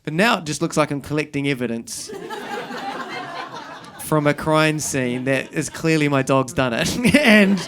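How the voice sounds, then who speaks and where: Higher-voiced New Zealand man telling stories. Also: lively intonation, a little slow, noisy background. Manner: rambling, self-deprecating, acts out scenes, breaks into shouting. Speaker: stand-up comedian. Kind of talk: stand-up storytelling. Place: stage at a live comedy show.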